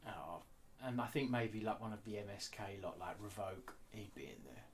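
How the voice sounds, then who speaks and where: A man talking candidly in an interview, blunt and animated, swearing freely. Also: lowish voice, moderate pace, slight background noise. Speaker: guest artist.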